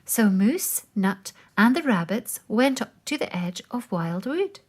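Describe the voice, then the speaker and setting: A woman with a mid-range, slightly rough voice reads a children's picture book aloud, telling the story slowly and expressively.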